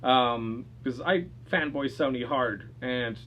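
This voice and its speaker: A man's voice: medium pitch, takes it slowly, highs cut off, slight background noise. A man co-hosting a casual gaming chat, chatty and opinionated, swearing now and then. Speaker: co-host of a gaming channel.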